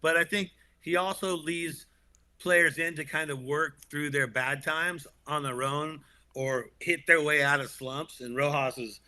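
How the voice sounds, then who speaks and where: Co-hosting a casual sports talk podcast, a man speaks in a very bright, forceful voice pitched a little high for a man. He's animated but unhurried, laughing often and restarting his sentences.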